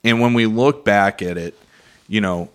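A man co-hosting a podcast who explains his points in a calm, measured way. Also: lowish voice, clean tone. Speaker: podcast co-host. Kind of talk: casual podcast discussion.

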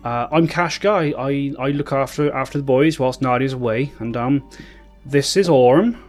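A man's voice: medium pitch, moderate pace, faint music behind, voice pushed up, natural voice. Man doing fussy motherly caretaker Kashka. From Britain. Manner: fussy, hospitable, stumbling over words. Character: bustling motherly woman caretaker of two boys.

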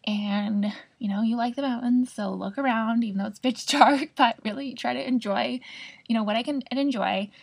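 Chatty woman with a gravelly, husky voice. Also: fairly high pitch, moderate pace. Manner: chatty, expressive, swears casually. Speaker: podcast host. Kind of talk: casual storytelling monologue.

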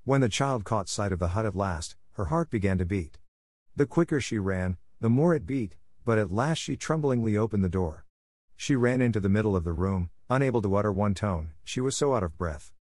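Man, low voice, audiobook narration, measured, dry recording. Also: expressive, darkish tone, dry recording.

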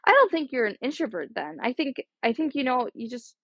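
A woman's voice: high voice, big pitch swings, a little fast, husky, no echo. A young college-age woman with a drawl talks through a casual solo podcast. She rambles and circles back, sprinkling "like" everywhere. The recording is dry and a bit muffled. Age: young adult. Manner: rambling, chatty, heavy use of "like". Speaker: podcast host.

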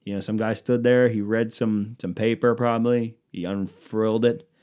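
A man's voice: on the low side, steady tone, moderate pace, darkish tone, clear, resonant tone. A man hosting his own solo comedy podcast, rambling through profane, self-mocking tangents. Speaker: podcast host.

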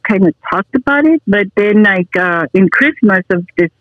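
A woman's voice: medium pitch, animated, normal speed, no room sound, narrow, tinny audio. A woman in her forties, a guest telling stories in a casual chat and laughing easily. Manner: chatty storyteller, laughs easily.

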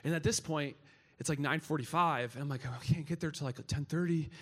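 Speaking at a young adults gathering, a young man tells a story to his audience in a slightly high, brisk voice. He is animated, laughs often, and acts out the quotes.

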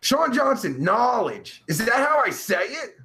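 A man hosting a live stream, reading chat aloud in a brash, profane, loud way. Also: very high-pitched, very animated, unhurried.

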